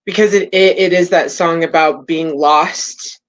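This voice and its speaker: A woman's voice: lowish voice, fairly even intonation, a little slow, rough recording. A woman hosting a podcast interview, musing thoughtfully aloud with many fillers and restarts. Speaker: podcast host. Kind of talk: interview conversation.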